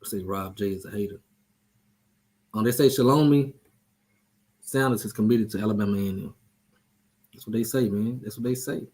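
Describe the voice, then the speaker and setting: A man's voice: on the low side, moderate pace, long pauses, mellow. A man hosting a casual sports chat show, talking loosely, joking and trash-talking. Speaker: show host.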